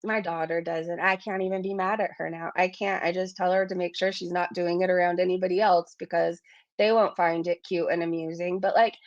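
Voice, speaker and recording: A woman's voice: on the low side, little pitch movement, fairly quick, dry recording. A woman in her forties, talking casually on her own livestream. She reads out viewer comments and keeps laughing at herself as she chats. The sound is a little dull and dry. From Canada. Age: 40s. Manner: chatty, laughs at herself often, reads chat messages aloud. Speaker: YouTube livestream host.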